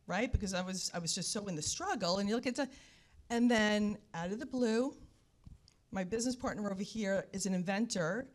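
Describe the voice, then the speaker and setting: A woman tells her own story as a guest. She is animated and repeats herself for emphasis, speaking straight to the audience as "you guys". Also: mid-range voice, brisk. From New York. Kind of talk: emotional personal story.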